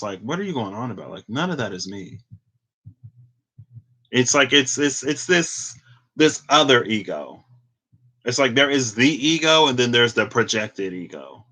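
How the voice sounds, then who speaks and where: A man with a fairly low, sharp voice does a casual tarot reading to camera. He rambles as he thinks aloud, laid-back and full of "like" and restarts, and laughs at himself.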